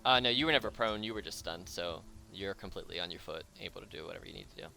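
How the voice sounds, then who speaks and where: A man's voice: low-pitched, rapid-fire, gravelly, sharp tone. A man running a tabletop game as game master, narrating casually with fillers and laughs.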